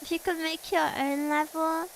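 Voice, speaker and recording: A woman's voice: very high voice, flat delivery, normal speed, slight background noise, rough recording. A young woman streamer chatting casually while playing a game, giggly and reading chat aloud.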